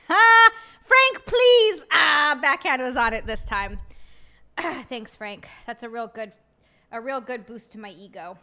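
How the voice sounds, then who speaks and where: A woman's voice: on the high side, steady tone, a little slow, a bit bright. A woman streamer chatting casually with her viewers while eating, often giggling. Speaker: live streamer. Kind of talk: casual live-stream chat.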